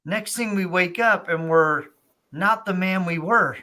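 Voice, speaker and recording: A podcast host with a fairly high, bright, forceful voice. He speaks in a reflective, encouraging way, often checking in with "right?" as he makes his point. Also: a little slow. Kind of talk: casual conversation.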